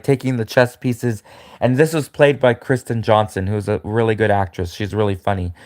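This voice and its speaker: A man's voice: fairly low pitch, dry recording, clean studio sound. A man talking casually on a live stream, rambling and repeating himself, often restarting sentences. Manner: rambling, repetitive, frequent restarts.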